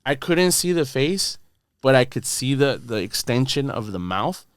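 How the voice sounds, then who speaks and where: A man's voice: mid-range voice, big pitch swings, a little slow, smooth, no echo, clean studio sound. A man casually telling a long story on a podcast, rambling and profane, filling his talk with "bro" and "dude". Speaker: podcast guest. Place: podcast studio.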